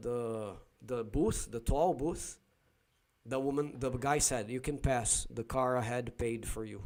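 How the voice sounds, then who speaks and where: A man from São Paulo speaks English with a Brazilian Portuguese accent at a mid pitch, hosting a casual livestream. He tells his stories animatedly and voices the other people in them, often restarting his sentences. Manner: animated storyteller, acts out dialogue, frequent restarts. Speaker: livestream host.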